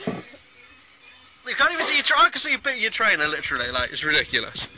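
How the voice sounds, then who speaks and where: Woman, home video, teasing and giggly, lively pitch. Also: brisk, over music. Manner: giggly, teasing, coos at the dogs in baby talk. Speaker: person filming a friend and pet dogs. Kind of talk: casual home video chat.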